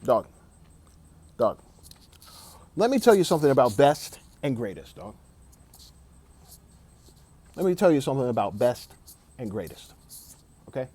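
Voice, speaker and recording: A man's voice: medium pitch, very animated, unhurried, pauses often, warm tone, slightly rough. A man giving an emphatic, opinionated sports rant, repeating himself and saying "dog" often. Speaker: sports commentator.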